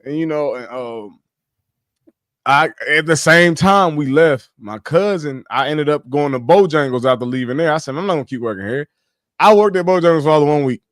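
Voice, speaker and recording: A man on a casual livestream, telling his life story in animated slang, swearing freely. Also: on the high side, moderate pace, dry recording, clean studio sound.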